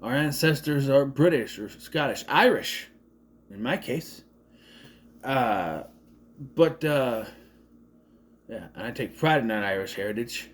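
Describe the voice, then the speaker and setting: A man's voice: mid-range voice, animated, takes it slowly, pauses often. A man giving a casual, rambling movie commentary, sarcastic and often cutting himself off. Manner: rambling, sarcastic, self-interrupting. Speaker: movie reviewer.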